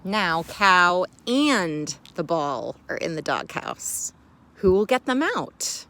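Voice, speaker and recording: Unhurried, lively woman teacher reading aloud. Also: lowish voice. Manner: playful, with expressive storybook reading. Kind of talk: reading a picture book aloud to children, then a lesson.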